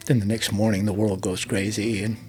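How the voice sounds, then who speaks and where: A middle-aged army veteran, appearing as an interview guest, tells a long story, acting out the dialogue and dropping to a near whisper at emotional moments. His male voice sits on the low side, level and a little mellow, moving a little fast over soft background music.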